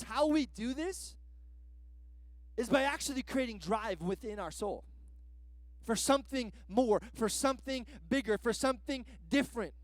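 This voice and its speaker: A guest pastor, a man, preaches in a loose, conversational way, leaning on slang and "like" fillers. His voice sits very high and moves around a lot in pitch. The sound is dry and close, with little room in it. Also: no room sound. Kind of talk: sermon.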